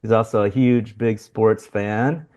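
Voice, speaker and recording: A man's voice: fairly low pitch, steady tone, measured pace, darkish tone, lo-fi sound. A man co-hosting a podcast, introducing a guest in a rambling, good-humored way. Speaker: podcast co-host.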